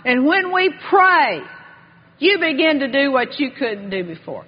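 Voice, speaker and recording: A woman preaching a sermon with fervor, reading scripture aloud and slowing down to stress key words. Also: high-pitched, sing-song. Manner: fervent, slows and rises for emphasis, reads scripture aloud. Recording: dull long-reverb hall.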